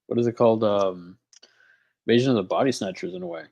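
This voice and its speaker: A man's voice: mid-range voice, very animated, fast talker, gravelly, a little mellow, lo-fi sound. A man, a guest on a casual film commentary, talking hesitantly with many fillers.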